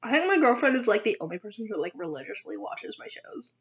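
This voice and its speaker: Young woman vlogger, giggly and rambling, bright high voice that jumps around. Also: sing-song, rapid-fire. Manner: giggly, rambling, self-teasing. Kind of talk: casual eating vlog. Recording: dull lo-fi sound.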